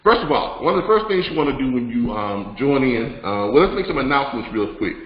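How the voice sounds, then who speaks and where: A man's voice: mid-range voice, big pitch swings, brisk. A man hosting a live online business broadcast, talking in a loose, rambling way with lots of fillers and restarts as he gives announcements and teaches. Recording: roomy, slightly dull sound.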